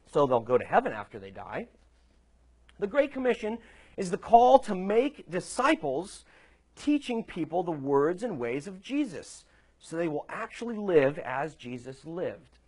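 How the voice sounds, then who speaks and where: A man's voice: sits high, darkish tone, breathy edge. A male preacher delivering a sermon, telling a story conversationally with emphatic points.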